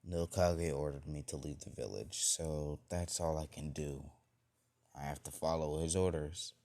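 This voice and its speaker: A man voicing a bitter, banished teenage boy ninja, speaking in curt, low lines. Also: moderate pace, darkish tone, close to an everyday voice.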